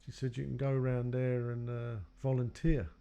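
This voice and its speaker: Gravelly man recounting his past. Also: mid-range voice, flat delivery, normal speed, warm tone. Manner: rambling, quotes others in his story. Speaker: guest telling his life story. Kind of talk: personal storytelling.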